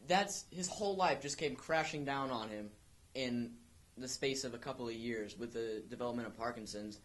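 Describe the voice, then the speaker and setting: A young man with a slightly bright, medium-pitched voice speaks at a moderate pace as co-host of an amateur podcast. He chats loosely and rambles, restarting often and dropping fillers.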